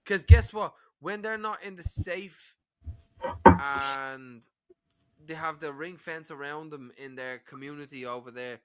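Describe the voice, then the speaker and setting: A man's voice: a little high, unhurried, clear, resonant tone. A man talking in a casual livestream chat as a panel guest, combative, sweary and mocking.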